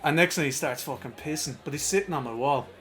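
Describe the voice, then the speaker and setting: A man's voice: a little high, fast talker, fairly bright tone. A young Irish man co-hosting a podcast, telling rambling, sweary anecdotes and laughing through them. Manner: rambling storyteller, laughs through his stories. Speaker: podcast co-host. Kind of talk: casual chat, swearing anecdotes.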